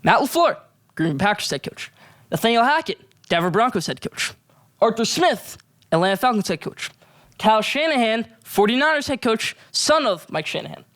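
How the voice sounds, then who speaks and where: A high-voiced man hosting a sports show, ranting hard about coaches and players. He jumps up in pitch and punches his points with loud, fired-up emphasis. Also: big pitch swings, normal speed. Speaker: sports podcast host. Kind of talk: solo sports rant.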